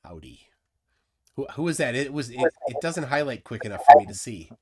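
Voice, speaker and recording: A man's voice: mid-range voice, sing-song, fairly quick, darkish tone. A man hosting a live stream in casual chat, rambling with many restarts and fillers. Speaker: livestream host.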